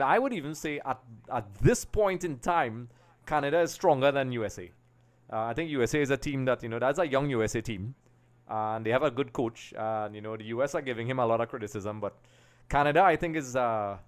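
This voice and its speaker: A man from Trinidad and Tobago hosting a live football watch-along, chatting casually, greeting viewers and reading out their comments. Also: mid-range voice. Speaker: live stream host.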